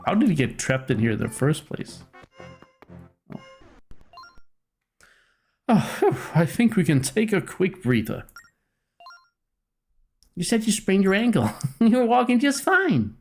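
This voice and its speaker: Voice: medium pitch, big pitch swings, a little slow, long pauses, faint music behind, pitched above the performer's own voice. A streamer voicing a spunky young female fairy companion who talks in an indignant, sassy way. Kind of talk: voicing game dialogue live.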